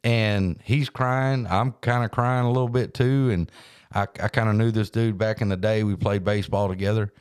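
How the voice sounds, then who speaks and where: A man, hosting a podcast and telling a story in a folksy, animated way. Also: on the low side, normal speed, clean tone, dry recording, clean studio sound. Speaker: podcast host. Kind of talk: casual storytelling chat.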